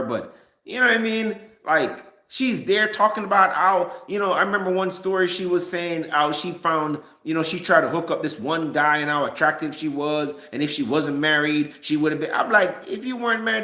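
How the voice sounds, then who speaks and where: A man's voice: on the high side, fairly quick, sharp tone, reverberant. A man giving a casual, rambling opinion rant to a live chat, stumbling and restarting often. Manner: rambling, frequent restarts and stammers. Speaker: live-stream commentator.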